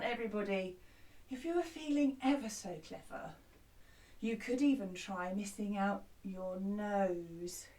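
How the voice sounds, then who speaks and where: A woman's voice: medium pitch, dark tone, distant mic. A woman teaching a children's music lesson who sings an action song and cheerfully explains each step. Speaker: primary school music teacher.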